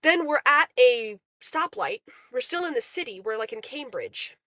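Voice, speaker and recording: Bright, dry young woman telling a story. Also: sits high, normal speed, no echo. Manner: animated storytelling, quoting people in voices. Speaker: caller. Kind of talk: casual chat. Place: remote call into a livestream. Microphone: call audio.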